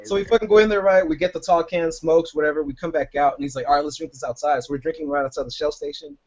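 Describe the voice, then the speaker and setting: Fast-talking profane storyteller man. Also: fairly high pitch, dull audio, crowd noise. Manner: profane, rambling, animated storyteller. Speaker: podcast co-host. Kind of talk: casual storytelling chat.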